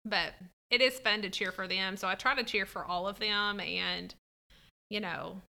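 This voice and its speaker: A woman's voice: medium pitch, fairly even intonation, normal speed, vocal fry, bright, forceful tone. A woman in casual chat as a podcast co-host, earnest, with a lot of "like" and "you know".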